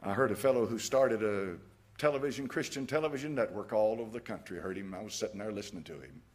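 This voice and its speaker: A man's voice: lowish voice, quick pace, a little mellow. A man preaching a sermon in a folksy, emphatic way, chuckling at his own jabs. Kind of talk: fiery evening sermon.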